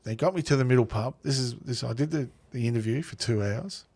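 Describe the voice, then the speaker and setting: Gravelly Australian man telling yarns. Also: medium pitch, brisk, a little mellow, no room sound. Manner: blokey storytelling, laughs often. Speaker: country football coach, podcast guest. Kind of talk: casual chat.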